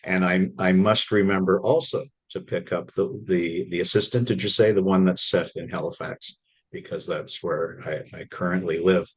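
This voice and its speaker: Man, middle-aged, husky low voice, podcast host, friendly, stumbles and repeats words. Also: fairly even intonation, moderate pace, poor audio. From Canada. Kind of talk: podcast interview.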